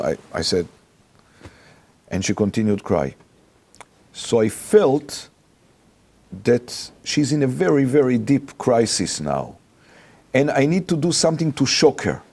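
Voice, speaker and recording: Slow, gravelly Israeli rabbi telling a story. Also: male voice, medium pitch. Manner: animated storytelling in halting, non-native English. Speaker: rabbi, interview guest. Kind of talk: personal anecdote told in an interview.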